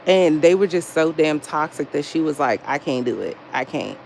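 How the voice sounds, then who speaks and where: A young woman chatting casually on a livestream, profane and animated as she reads chat aloud. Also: low voice, moderate pace, creaky, a little hiss or hum, poor audio. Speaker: livestream host.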